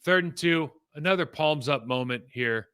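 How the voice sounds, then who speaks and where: A man's voice: fairly high pitch, normal speed, a bit bright, clean tone. A man casually breaking down football game film, talking in a rambling, conversational way that trails off and restarts.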